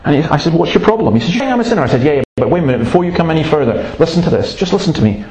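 A man's voice: a little high, expressive, very fast, darkish tone. A man preaching a sermon in an earnest, emphatic way, breaking off to tell stories. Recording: roomy, echoey room sound.

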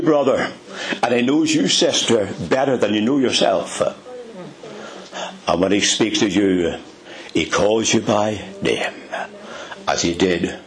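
A male preacher with an Ulster accent delivers a sermon at an unhurried pace. His pitch rises and falls dramatically as he speaks. He sometimes sinks to a hushed whisper to stress a point. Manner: dramatic, drops to whispers for emphasis; addresses listeners as dear friends.

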